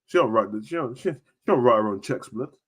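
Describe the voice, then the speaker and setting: A young man chatting casually on a live stream about wrestling, full of slang, jumping between shouting and near-whispers. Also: mid-range voice, expressive, fast talker, slightly rough.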